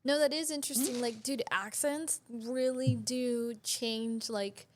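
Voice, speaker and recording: Woman co-host, slightly high voice, quick jokey backup in casual chat. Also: fairly even intonation, a little hiss or hum. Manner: chimes in with quick jokes and affirmations. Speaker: podcast co-host.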